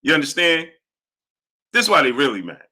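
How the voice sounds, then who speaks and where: Man, live-stream host, bright tense voice, a bit high, animated, repeats catchphrases. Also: moderate pace, slightly rough. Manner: animated, repeats catchphrases, greets viewers by name. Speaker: live-stream host reading viewer chat. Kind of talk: casual live-stream chat.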